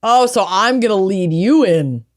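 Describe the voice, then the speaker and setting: A woman's voice: mid-range voice, animated, unhurried. A woman with a Minnesotan accent co-hosting a podcast, loose, slangy and joking in casual chat. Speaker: podcast co-host.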